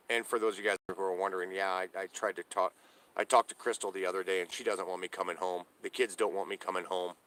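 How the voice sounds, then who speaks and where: A man's voice: low voice, pushed and bright. Profane ranting middle-aged man. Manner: profane, aggrieved ranting with many restarts. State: homeless, living in a trailer. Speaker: vlogger. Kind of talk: casual rant to camera. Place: inside a parked trailer on a hot day. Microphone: handheld camera.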